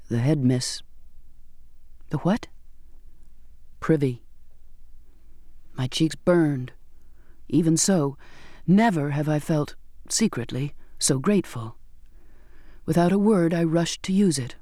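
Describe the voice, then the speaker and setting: A woman narrates a first-person story in a measured, descriptive way. Her tone is warm and mellow rather than bright. The close studio recording is dry, with no room sound. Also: sits low, dry recording. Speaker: audiobook narrator.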